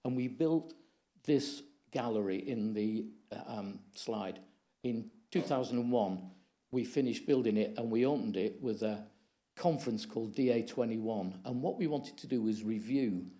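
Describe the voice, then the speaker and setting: Man, conference speaker, low mellow voice, measured delivery with slide reading. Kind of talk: lecture presentation.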